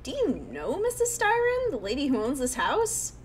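A woman's voice: high voice, huge pitch swings, normal speed, slight background noise, voice pushed up. A woman as a wry young landlady. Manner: dry, mildly sarcastic. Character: young woman running a guesthouse, wary.

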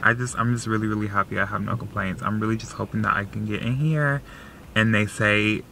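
Young-sounding male vlogger, chatty and emotional, slightly low pitch with a bright tone, heavy on the fillers. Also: a little fast, gravelly, slight background noise. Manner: filler-heavy, says "like" constantly; excitable and emotional. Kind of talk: casual vlog chat.

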